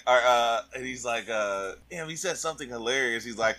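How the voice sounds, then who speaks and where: A man's voice: mid-range voice, expressive, brisk, bright, forceful tone, rough recording. A young man co-hosting a podcast, telling stories in a loose, profane way and laughing as he talks. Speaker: podcast co-host. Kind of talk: casual chat.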